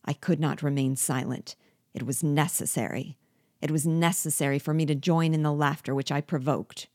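A woman's voice: low-pitched, fairly even intonation, moderate pace, darkish tone, no room sound, clean studio sound, lightly acted. A woman reading aloud as a vengeful, scheming male dwarf who was once a jester, speaking with bitter, gloating deliberation.

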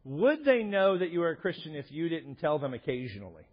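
A man's voice: on the high side, very animated, a little fast, breathy edge. A male pastor preaching a sermon, asking his congregation earnest, direct questions. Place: church sanctuary. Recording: dull echoing church hall.

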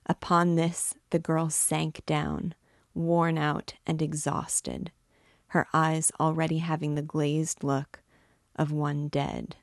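Woman, novel read-aloud narration, measured, expressive, slow, dry close recording. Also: sits low, gravelly, dry recording. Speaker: book reader and guide.

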